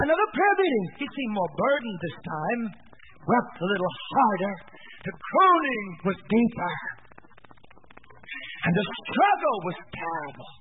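A middle-aged man preaching a revival sermon in church, with emphatic repetition that builds to shouts. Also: sits high. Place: church service. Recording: narrow phone-like lo-fi recording. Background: musical instrument playing.

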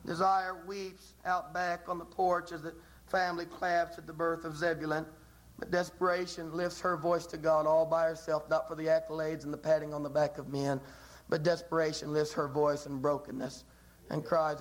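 Male preacher, high tenor voice, fervent and repetitive delivery, sermon style. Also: flat delivery, moderate pace, poor audio. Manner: impassioned, repetitive, with dramatic rises.

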